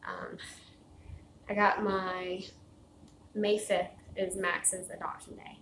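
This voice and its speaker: A woman's voice: medium pitch, level tone, slow, long pauses, a bit bright. A woman chatting casually on a home livestream, rambling and laughing often, growing tired and out of breath. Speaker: livestream host. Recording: echoey room with faint noise.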